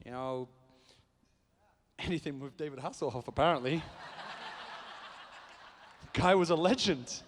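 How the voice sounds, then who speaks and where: Playful British man in an echoey hall. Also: mid-range voice. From Britain. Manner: playful, rambling, cheeky. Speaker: actor guest at a fan convention panel. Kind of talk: joking panel talk to a crowd. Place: convention hall stage.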